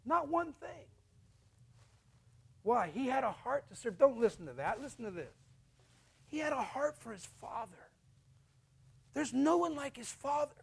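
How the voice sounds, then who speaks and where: Male pastor, high voice, middle-aged, animated sermon delivery. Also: unhurried, creaky, pauses often, husky. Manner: animated storytelling, acting out voices and laughing.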